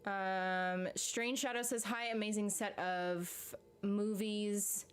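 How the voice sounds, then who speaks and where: A woman's voice: mid-range voice, fairly even intonation, smooth. A young woman, out of breath, rambling casually with lots of fillers as she hosts a livestream from home and reads the chat. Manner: chatty, slow and rambling, with frequent fillers and laughs. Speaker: livestream host reading chat. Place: home room.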